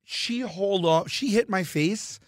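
A man who is a comedian guest, telling lively anecdotes in casual podcast talk and acting out the quoted lines. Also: high-pitched, unhurried, dry recording, studio quality. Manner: animated anecdote teller, acts out quoted lines.

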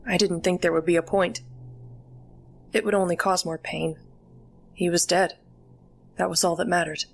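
Woman narrating a horror story, lower voice. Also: fairly even intonation, normal speed, gravelly, a little hiss or hum.

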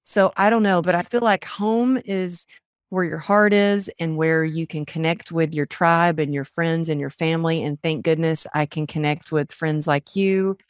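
A woman's voice: sits low, normal speed, clear, resonant tone, no room sound, studio quality. A middle-aged woman from Texas, telling stories in a casual interview and acting out what people said. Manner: animated storyteller, acts out quotes. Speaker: podcast guest, author and coach.

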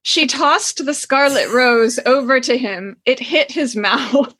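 A woman's voice: sits high, slow, a bit bright, breathy edge. A woman hosting a podcast, chatting playfully and reading a passage from a novel aloud. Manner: playful, laughs often. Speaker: podcast host.

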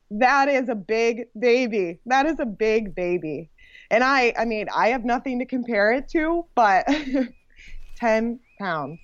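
A young woman telling her birth story in a casual, animated way, full of "like" and laughs. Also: fairly high pitch, measured pace, no echo, highs cut off. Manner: animated, frequent "like" fillers and laughs. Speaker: podcast guest sharing her birth story.

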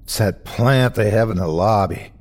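A man's voice: fairly low pitch, moderate pace, lightly acted. A man playing a blunt, stubborn middle-aged office boss who is hurt but refuses to stop working. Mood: gruff pained.

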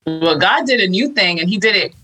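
A woman as a guest, telling her personal faith testimony in casual, animated chat full of fillers. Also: mid-range voice, a little fast, soft background music, low-quality recording. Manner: animated storytelling with many fillers.

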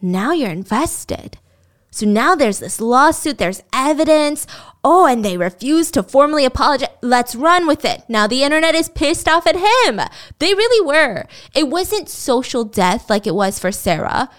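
A woman hosting a podcast, telling a story in a casual, animated and indignant way. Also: high-pitched, moderate pace. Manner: animated, indignant, acts out quotes. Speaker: podcast host.

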